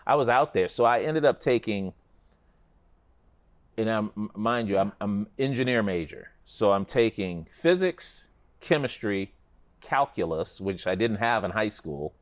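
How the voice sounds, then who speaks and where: A middle-aged man from Chicago, a guest telling a personal story in a relaxed conversational way, with animated, dramatic retelling. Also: fairly low pitch, a little slow.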